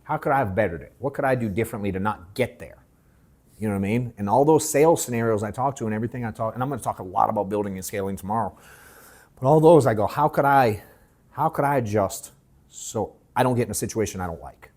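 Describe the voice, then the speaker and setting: A man leading a live sales workshop, telling animated stories that act out his own reactions, swearing freely and calling the audience bro and dude. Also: lowish voice, fast. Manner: animated storytelling, mimics himself, swears, calls people bro and dude. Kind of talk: casual, joking workshop talk.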